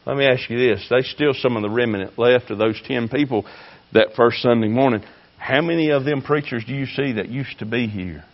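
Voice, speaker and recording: A man preaching a fiery sermon, swinging between shouting and hushed tones. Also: mid-range voice, moderate pace, lo-fi sound. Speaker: pastor.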